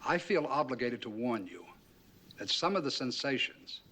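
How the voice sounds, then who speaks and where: A solemn film director addressing the audience in an old 1950s movie prologue. His delivery is grave, measured and theatrical, and his voice comes through bright and forceful. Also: medium pitch, lively intonation. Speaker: film director giving an on-screen warning.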